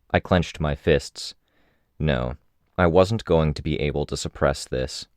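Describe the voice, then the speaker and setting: A man narrating an audiobook in a measured, steady way. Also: extremely low pitch, clean tone, no echo.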